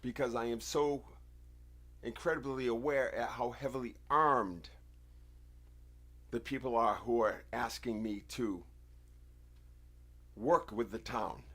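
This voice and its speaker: A man from the United States hosting a livestream, giving an insistent, confrontational monologue with deliberate, emphatic phrasing. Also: mid-range voice, steady tone, a bit bright, slightly rough. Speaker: livestream host.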